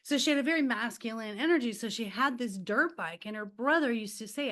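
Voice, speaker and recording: A woman's voice: on the high side, brisk, hardly any pauses, fairly bright tone. A middle-aged woman, a life coach and podcast guest, telling stories in a casual chat, acting out quotes and laughing often.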